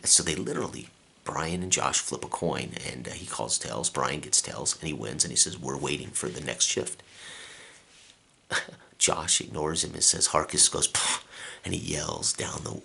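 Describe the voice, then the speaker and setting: Very deep gravelly man recapping a game. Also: bright, forceful tone. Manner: rambling, with many fillers and restarts. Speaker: game master recapping a session. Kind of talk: casual tabletop game recap.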